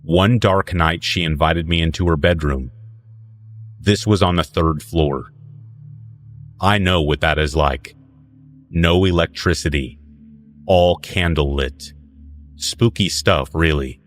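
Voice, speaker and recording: A man with a very low voice narrates a horror tale in a slow, deliberate, low-key way. He grew up in northern New Mexico, and soft music plays quietly behind him. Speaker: storyteller. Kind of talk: calm scripted horror narration.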